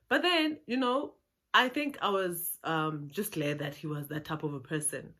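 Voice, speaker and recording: Chatty South African woman, lowish voice. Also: lively intonation, measured pace, fairly bright tone. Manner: chatty, addresses viewers, laughs often. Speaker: YouTuber. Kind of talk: casual storytelling.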